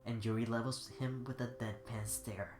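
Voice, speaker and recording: A man's voice: medium pitch, steady tone, normal speed. A sick, congested man reading fanfiction aloud in a rambling, giggly, off-the-cuff way. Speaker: fanfiction reader. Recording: echoey room with loud music.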